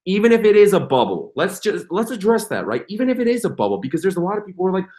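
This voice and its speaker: Young guy rambling live on stream, pitch all over the place, kinda high, gets hyped. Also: racing, few pauses. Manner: excitable, rambling, reads chat comments aloud. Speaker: crypto livestream host. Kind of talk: casual livestream chat.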